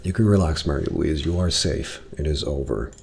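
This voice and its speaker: A man reading the lines of a formal, commanding wealthy father who speaks stiffly and in measured phrases. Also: a bass voice, vocal fry, darkish tone, husky, full character voice. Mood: stern.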